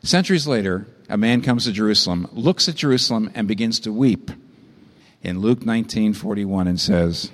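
A man preaching a sermon, impassioned, climbing to high emphatic peaks and then dropping low. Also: normal speed, big-room sound.

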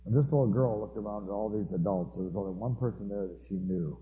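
Speaking fast in a lowish voice with a dark tone, a man gives a conversational sermon, telling stories with humorous asides. The audio sounds dull and carries long hall reverb.

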